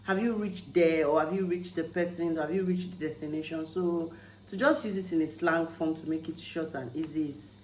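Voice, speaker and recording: A Nigerian woman chatting casually to camera in a vlog, lively when quoting phrases. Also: deep voice, fairly quick, reverberant, a little hiss or hum, low-quality recording. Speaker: vlogger.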